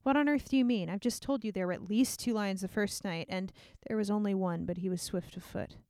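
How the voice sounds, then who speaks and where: A woman's voice: mid-range voice, fairly quick, a little mellow, no echo, clean studio sound. A woman chatting casually about a book with a friend, laughing often and reading passages aloud.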